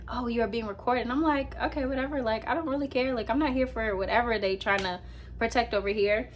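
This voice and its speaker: A woman's voice: fairly high pitch, slight background noise. Chatty young woman telling a story. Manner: chatty, animated storyteller with many fillers. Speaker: vlogger. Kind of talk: casual storytelling to camera. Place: her apartment at night, indoors. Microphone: laptop with ring light.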